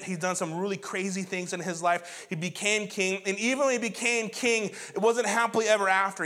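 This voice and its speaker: A man's voice: high voice, fairly bright tone. A man preaching a sermon as pastor, earnest and building to fervent emphasis.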